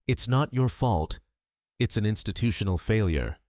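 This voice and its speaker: Brief: male narrator voicing a cool, commanding woman captain, low dry voice. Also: normal speed, dry recording, close to an everyday voice. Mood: calm. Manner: calm, composed. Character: calm, commanding female police captain.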